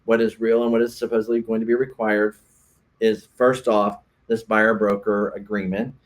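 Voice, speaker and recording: A man's voice: on the low side, level tone, normal speed. A man, a realtor, co-hosting a casual podcast chat, explaining earnestly and often restarting his sentences.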